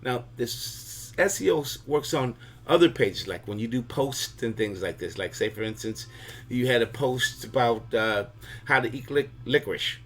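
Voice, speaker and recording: A man's voice: mid-range voice, expressive, normal speed, slightly rough. A man hosting a video, giving a casual, humorous explainer full of analogies. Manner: chatty, talks in analogies. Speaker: video host.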